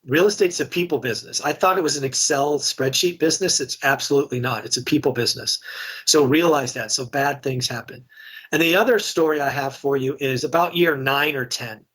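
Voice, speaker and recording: Middle-aged man, slightly breathy voice, frank and chatty interview guest. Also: medium pitch, brisk, fairly bright tone. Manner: candid, conversational, many restarts. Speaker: real estate investor and guest. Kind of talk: casual podcast interview storytelling.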